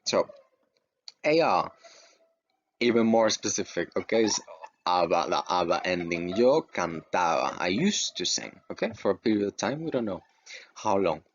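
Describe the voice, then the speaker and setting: A man's voice: sits low, animated, moderate pace. Man, grammar teacher, slide lesson, patient repetitive explaining, faint background noise. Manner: explains patiently, repeats with "okay". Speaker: Spanish teacher. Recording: dull lo-fi voice recording with faint noise.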